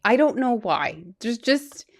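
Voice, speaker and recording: Female co-host, relaxed giggly banter, plenty of "like" and "yeah". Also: fairly high pitch, slow pace. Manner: laughs often, lots of filler words. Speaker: podcast co-host. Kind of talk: casual chat.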